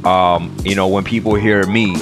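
A man's voice: deep voice, flat delivery, normal speed, over music. A man with a New York accent co-hosting a podcast in a laid-back, easygoing way. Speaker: podcast co-host. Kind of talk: casual podcast chat.

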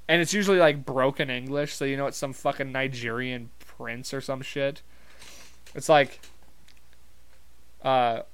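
A man's voice: medium pitch, lively intonation, normal speed, clean tone. A man from Montana telling a rambling, profane story in a casual, wry monologue full of fillers.

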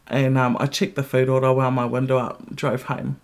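A woman hosting a podcast who tells a story in a casual monologue, blunt, candid and full of swearing, and grows more animated as she goes. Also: normal speed. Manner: blunt, heavily profane, candid; animated retelling with rising pitch. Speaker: podcast host.

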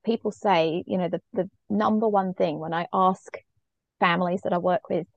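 A woman's voice: lowish voice, steady tone, moderate pace, creaky, no room sound, highs cut off. A middle-aged woman, a parenting coach, speaking earnestly and openly as a podcast guest. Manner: earnest, reflective, emotionally open. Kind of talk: conversational interview storytelling.

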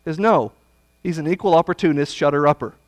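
A man preaching a Bible study sermon, blunt and folksy, swinging from loud emphasis to hushed asides. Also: a little high, fairly quick, no room sound.

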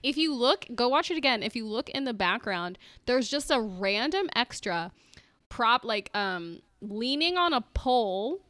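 A woman's voice: a little high, lively intonation, fairly bright tone, no room sound. Playful, jokey woman on a podcast. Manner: playful, jokey, quick asides. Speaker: podcast co-host. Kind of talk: casual chat.

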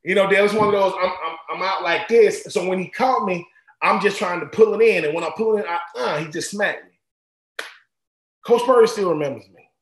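Ex-football player guest, man, higher voice, loose animated storytelling, roomy echo. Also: moderate pace, a little hiss or hum. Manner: animated, repeats and restarts phrases. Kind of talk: casual storytelling.

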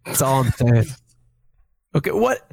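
A man's voice: medium pitch, big pitch swings, unhurried, gravelly, darkish tone, slightly rough. A man chatting on a podcast as a guest, blunt and irritable, swearing freely. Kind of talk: casual podcast chat.

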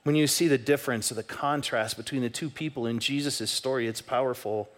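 A pastor with a medium-pitched voice preaches a sermon in a church sanctuary, speaking fairly quickly. He's animated and conversational, telling stories and acting out the quoted voices.

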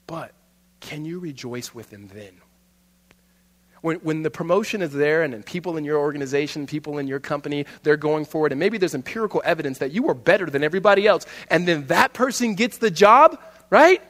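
A man preaching a sermon, telling stories animatedly and dropping to a soft voice for emphasis. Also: on the high side, a little fast, long reverb tail. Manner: animated storytelling, laughs often, drops soft for emphasis. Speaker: pastor.

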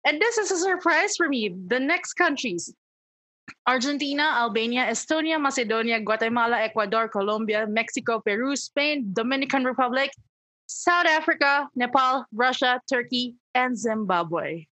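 A woman's voice: a little high, animated, moderate pace, bright, forceful tone, dry recording. A young woman hosting a podcast in casual chat, bubbly and enthusiastic. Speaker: podcast host.

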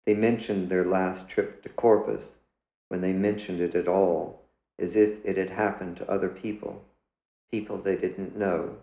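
Deep, gravelly man reading his story. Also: steady tone, unhurried, mellow, roomy sound, rough recording. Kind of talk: literary reading. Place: indoors.

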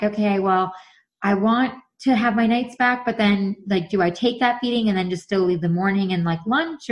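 Thirtysomething woman yakking away, animated storyteller, bit lo-fi muffled sound. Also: lowish voice. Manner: chatty, animated storyteller acting out quotes. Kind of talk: casual chat.

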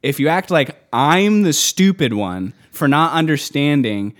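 A man's voice: on the high side, sing-song, a little slow. A man talks casually about his day behind a coffee counter. He sounds exasperated and replays each customer exchange in quoted voices. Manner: exasperated storytelling, acting out customers. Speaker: barista. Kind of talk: casual chat.

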